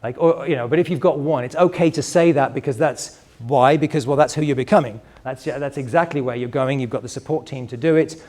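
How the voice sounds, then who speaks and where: A man's voice: medium pitch, brisk, few pauses, a little mellow. A middle-aged man, a business coach, giving a live workshop presentation in a conversational, digressive way and speaking straight to the room.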